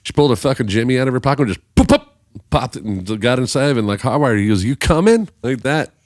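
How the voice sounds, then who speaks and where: A man's voice: medium pitch, fast, dry recording, clean studio sound. A man telling a long story in a casual podcast chat, swearing freely and acting out the voices of the people he quotes. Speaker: podcast guest musician.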